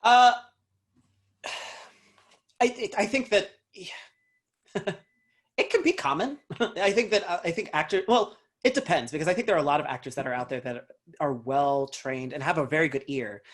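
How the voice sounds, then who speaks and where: This man speaks with a light Southern accent that slips in now and then. He is a dialect coach giving casual interview answers, reflective and thinking aloud as he goes. His voice sits a touch higher than average for a man. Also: animated, moderate pace, pauses often. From North Carolina, USA. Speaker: actor and dialect coach, guest.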